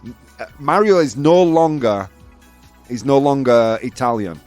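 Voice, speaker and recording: Lively male chat-show host. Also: medium pitch, unhurried, soft background music. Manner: animated, laughs often, provocative asides. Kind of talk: live-stream chat show.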